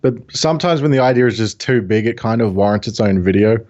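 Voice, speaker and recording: A man talking as a guest in a casual chat, relaxed and explanatory, with many fillers. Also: fairly low pitch, fast, lo-fi sound. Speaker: guest, video creator.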